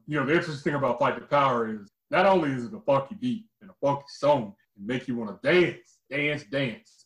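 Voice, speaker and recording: A man in his forties co-hosting a music podcast, telling lively slangy stories about songs. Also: mid-range voice. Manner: animated storytelling, slangy. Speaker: podcast co-host. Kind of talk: casual music chat. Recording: echoey room.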